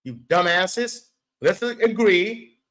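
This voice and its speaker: A man with a fairly high speaking voice delivers a casual commentary rant as host of his own show. He is profane and emphatic, and he addresses the subject of his talk directly. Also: expressive, slow pace, fairly bright tone, poor audio. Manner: profane, emphatic, talks straight to the person he discusses.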